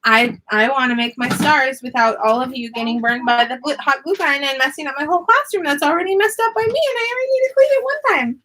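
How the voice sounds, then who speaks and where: A woman's voice: sits high, fast talker, few pauses, sharp tone, slight background noise. A young woman, a mother and online teacher, filming a casual home vlog in her home classroom, coaxing and firm with her small children. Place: home classroom room indoors.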